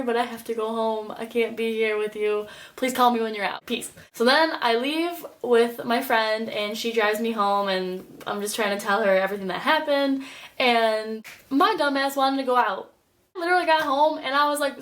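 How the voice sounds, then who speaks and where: A woman's voice: fairly high pitch, normal speed, fairly bright tone. A young woman telling a story in a casual vlog, chatty and full of "like" and "literally.". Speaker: vlogger.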